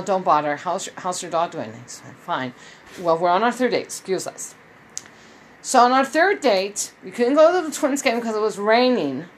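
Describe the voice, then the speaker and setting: A woman's voice: medium pitch, rough recording. A woman telling her viewers a long personal story in a casual, rambling way, with many restarts and quoted dialogue. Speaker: vlogger.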